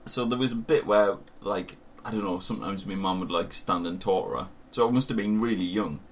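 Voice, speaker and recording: A laid-back young podcast co-host from the North of England talks fairly quickly in a lowish voice, laughing often during casual conversation. There's a faint hum of background noise.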